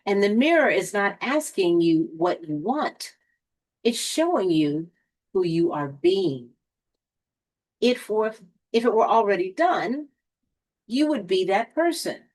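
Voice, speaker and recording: Slow, deliberate woman giving a spiritual pep talk. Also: mid-range voice, sing-song, darkish tone. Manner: slow, deliberate delivery with dramatic pauses; lightly sarcastic. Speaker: motivational speaker.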